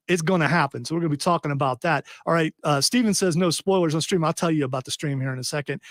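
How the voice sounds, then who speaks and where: A man's voice: fairly high pitch, fast, few pauses, a bit bright, no echo. A man hosting a radio talk show in a studio, rambling and joking through the rundown. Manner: rambling, playful, jokey. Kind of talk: casual studio banter. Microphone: studio microphone.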